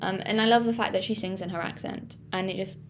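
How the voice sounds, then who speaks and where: A woman's voice: medium pitch, fairly even intonation, fast. A woman with a Yorkshire accent, talking casually and enthusiastically about songs she loves, often correcting herself mid-sentence. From Yorkshire, England. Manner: enthusiastic, rambling with self-corrections. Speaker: presenter. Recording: music playing underneath.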